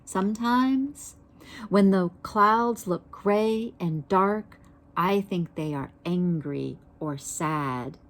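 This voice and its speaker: A woman reading a children's picture book aloud in a gentle, unhurried way, pausing to ask her listeners questions. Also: mid-range voice. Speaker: storybook reader.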